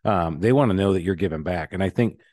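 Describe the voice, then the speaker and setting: A man's voice: deep voice, quick pace, darkish tone, no room sound, clean studio sound. A man hosting a podcast, chatting in a rambling, joking way. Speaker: podcast host. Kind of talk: casual interview chat.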